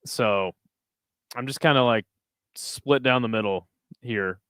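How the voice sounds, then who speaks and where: A man's voice: mid-range voice, slow pace, a bit bright, smooth, dry recording, clean studio sound. A man from the United States hosting a fight watch party stream, giving crude, joking commentary and chatting with viewers. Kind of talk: casual live-stream commentary.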